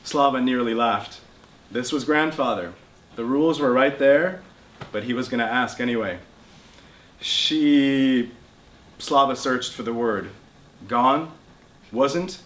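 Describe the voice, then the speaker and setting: A man, the author, reading his novel aloud in measured narration at a bookshop. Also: medium pitch, fairly bright tone. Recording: roomy bookshop with faint noise.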